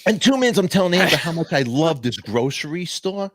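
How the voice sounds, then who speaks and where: A man's voice: a little high, a little fast, dry recording, clean studio sound. A man, hosting a podcast and telling a story in casual chat, acting out both sides of the exchange. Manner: animated, acts out both sides of his stories. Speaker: podcast host.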